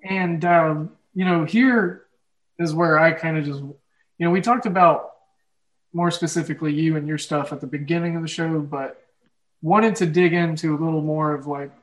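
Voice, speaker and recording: A man's voice: on the high side, fairly even intonation, moderate pace, low-quality recording. A young man with an Oklahoma Midwestern accent hosts a casual podcast chat, rambling with lots of fillers and frequent laughs. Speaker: podcast host.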